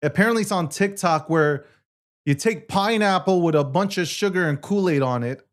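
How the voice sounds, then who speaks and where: A man hosting a casual show, joking and ribbing his co-host crudely, often rising to shouts. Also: high-pitched, moderate pace.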